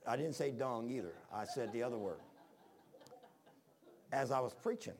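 A man's voice: mid-range voice, lively intonation, moderate pace, a little mellow. Rambling folksy man preaching a sermon. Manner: homespun, rambling, frequent restarts; reads scripture in old-fashioned wording. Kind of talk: folksy sermon with personal stories.

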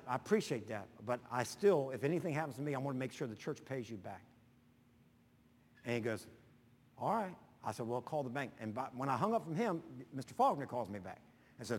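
A man's voice: medium pitch, very animated, brisk, slightly rough. A middle-aged male pastor preaching a sermon, telling a story folksily and acting out both sides of each conversation. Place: church sanctuary. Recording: long reverb of a large hall.

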